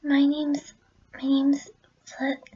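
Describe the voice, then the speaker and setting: A woman voicing a shy, timid female pony in a hushed, halting whisper, on a dull lo-fi recording. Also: high-pitched, monotone, voice pushed up.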